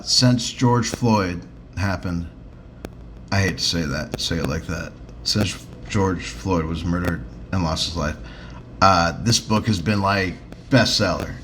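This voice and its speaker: A man's voice: low-pitched, slow pace, a little hiss or hum. A man co-hosting a podcast in casual chat, joking and sarcastic, swearing freely with lots of ums and uhs. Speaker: podcast co-host.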